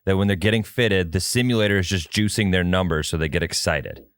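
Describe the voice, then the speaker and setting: Dry, skeptical low-voiced man. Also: fairly quick, a bit bright, no echo. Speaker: podcast co-host. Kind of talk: casual golf chat.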